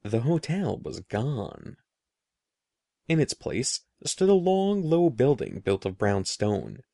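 A man reading a children's story aloud in an expressive, animated way. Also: medium pitch, takes it slowly, gravelly, no room sound, clean studio sound. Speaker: narrator.

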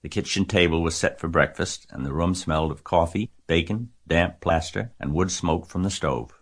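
A deep-voiced man reads a children's book aloud. His narration is measured and gentle, with an unhurried storytelling pace. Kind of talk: audiobook reading of a children's novel.

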